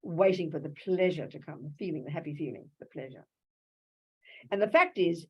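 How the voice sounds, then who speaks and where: Husky Australian woman giving a dharma talk. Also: fairly low pitch, moderate pace, low-quality recording. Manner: lively, conversational, full of rhetorical questions. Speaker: Buddhist teacher. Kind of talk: dharma talk to a live audience.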